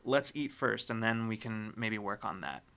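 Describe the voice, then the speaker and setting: A man's voice: on the low side, moderate pace, vocal fry, fairly bright tone. A man doing a kind, hesitant father. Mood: gentle. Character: gentle human father in his forties.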